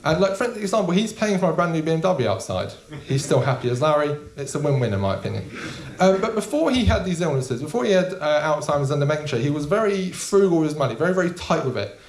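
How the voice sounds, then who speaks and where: A young man doing a stand-up comedy set in a small club, deadpan and casual with frequent ums. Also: on the high side, fast, hardly any pauses. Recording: echoey room.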